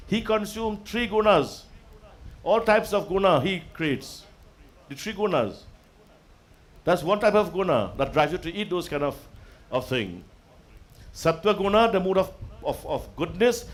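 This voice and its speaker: A man giving a devotional sermon, calling out invocations and dropping to quiet asides. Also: high-pitched. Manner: preaching with sung-out invocations and dropping to soft asides. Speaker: religious speaker. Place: religious festival gathering.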